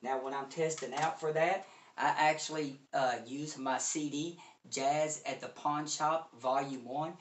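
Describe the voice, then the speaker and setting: A man's voice: a little high, steady tone, unhurried, reverberant, slight background noise. Effusive man reviewing audio gear. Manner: effusive, keeps saying "you all". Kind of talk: enthusiastic product review.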